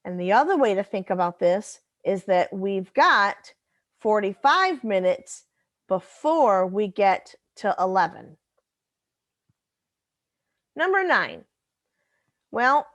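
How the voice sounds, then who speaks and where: A woman's voice: mid-range voice, fairly bright tone, no echo. A woman teacher talking through a recorded math lesson, patiently explaining step by step and correcting herself as she goes.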